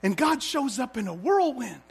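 A man's voice: very high voice, very animated, moderate pace, creaky, slightly rough. A man preaching a sermon as a pastor, telling stories vividly and asking the congregation rhetorical questions.

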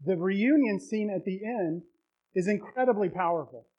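A male pastor preaching a sermon, retelling a story with emotion and building to loud, heartfelt peaks. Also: sits high, moderate pace, muffled recording.

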